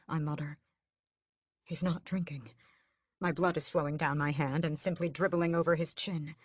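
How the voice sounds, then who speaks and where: Low-voiced woman narrating an audiobook. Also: moderate pace, long pauses, dry recording, clean studio sound. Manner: steady, dramatic storytelling. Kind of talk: first-person audiobook narration.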